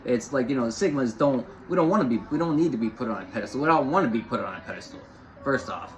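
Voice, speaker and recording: A man's voice: medium pitch, expressive, fast talker, slight background noise, poor audio. A man giving an off-the-cuff spiritual talk, rambling and repeating phrases with lots of fillers. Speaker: spiritual host.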